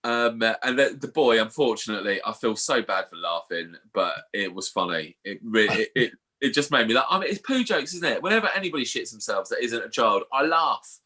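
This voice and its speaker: A man's voice: on the low side, lively intonation, fairly quick, few pauses, pushed and bright. A man co-hosting a podcast, telling a story in casual chat and swearing freely. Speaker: podcast co-host.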